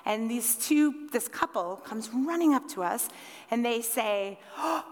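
A woman in her forties telling a personal story to a live audience, lively and acting out voices in quotes, with frequent ums. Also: fairly high pitch, a little slow. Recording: echoey hall with long reverb.

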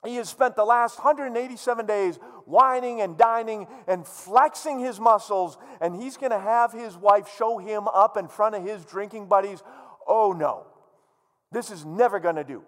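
A man's voice: high-pitched, normal speed, long reverb tail. A male pastor preaching a sermon, joking with the congregation and telling the story theatrically. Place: church hall, live-streamed.

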